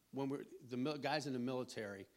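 A middle-aged man giving an informal sermon, rambling and conversational, with frequent restarts and throat clearing. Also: medium pitch, brisk, darkish tone. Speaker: preacher.

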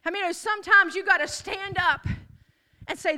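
A woman's voice: very high voice, a little fast, bright, forceful tone. A woman preaching a sermon to a congregation, declaring with rising emphasis and repeated calls.

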